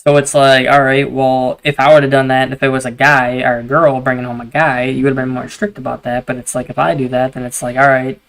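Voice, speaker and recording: A man's voice: medium pitch, flat delivery, brisk, gravelly, hardly any pauses, fairly bright tone. A young man hosting a gaming video, telling long rambling stories in casual chat and swearing a lot.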